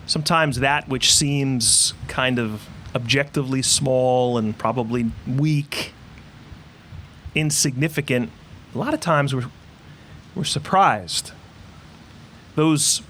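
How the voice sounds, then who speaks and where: A man, a priest, giving a homily in a church, talking in a halting way with many fillers and restarts. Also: medium pitch, a bit bright, a little hiss or hum. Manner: self-mocking after a failed joke. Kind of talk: homily opening with a joke.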